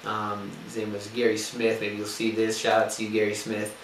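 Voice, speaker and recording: A man's voice: on the low side, monotone, normal speed. A young man giving an earnest sermon-style talk, with frequent ums and restarts. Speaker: speaker giving a spiritual talk. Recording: echoey room, distant mic, faint noise.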